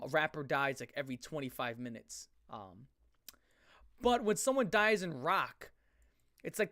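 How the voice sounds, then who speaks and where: A male streamer rants through a live show, his voice pitched a little high and recorded close and dry. He rambles from point to point and swears constantly. He often stops mid-sentence and starts over. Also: a bit bright, dry recording. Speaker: streamer reacting to chat. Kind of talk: profane live-stream rant.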